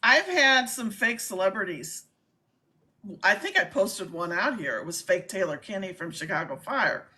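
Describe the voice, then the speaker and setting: A woman's voice: mid-range voice, very animated, moderate pace, sharp tone. A woman co-hosting a casual live-stream chat, talking in a chatty, emphatic way.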